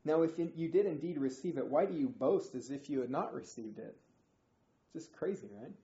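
A man teaching a Bible study group in an informal, animated way, acting out quotes with slang. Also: on the high side, fairly quick. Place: indoor room, group class. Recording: roomy, dull, faint noise.

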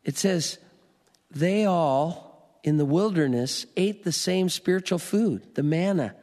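A pastor preaching a sermon, slow and emphatic, building to rising declarations. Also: male voice, fairly high pitch, a little mellow, long reverb tail.

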